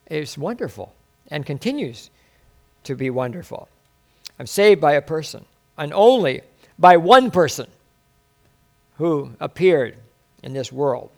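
Gravelly, exclaiming man preaching a sermon. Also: fairly high pitch, sing-song, a little slow, long pauses. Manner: exclamatory, rhetorical questions. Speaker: pastor.

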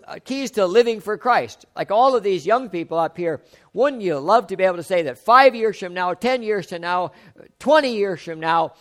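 Middle-aged guy preaching a sermon, kinda high voice, leans hard on key lines. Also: a bit bright. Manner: emphatic, slows and rises on key phrases. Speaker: pastor.

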